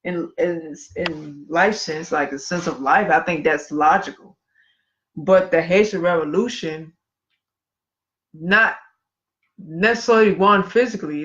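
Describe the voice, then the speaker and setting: A man's voice: fairly high pitch, fairly bright tone. A man co-hosting a casual podcast, reading history aloud and breaking off for chatty asides. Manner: conversational, reads passages then comments with asides. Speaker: podcast co-host. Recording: dull lo-fi livestream audio.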